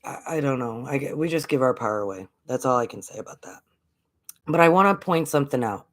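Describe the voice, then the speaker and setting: A woman's voice: a bass voice, lively intonation, quick pace. Earnest American woman, spiritual vlog host, casual talk, repeats lines for emphasis.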